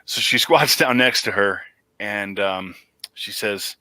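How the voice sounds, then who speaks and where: A man playing in a tabletop game, describing his character's actions in a relaxed, rambling way. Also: on the low side, slow pace, dry recording. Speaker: player. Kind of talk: casual tabletop game play.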